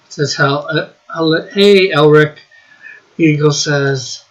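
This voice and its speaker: A man's voice: fairly high pitch, fairly even intonation, takes it slowly, fairly bright tone, poor audio. A man hosting a casual livestream, reading chat messages aloud and laughing often between lines.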